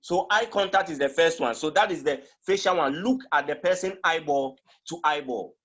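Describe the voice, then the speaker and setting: A man's voice: a little high, moderate pace, fairly bright tone. A man giving a teaching talk on marriage, emphatic and repetitive, acting out different tones of voice as examples. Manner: emphatic, repeats phrases and demonstrates tones of voice. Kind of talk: teaching talk, switching between languages.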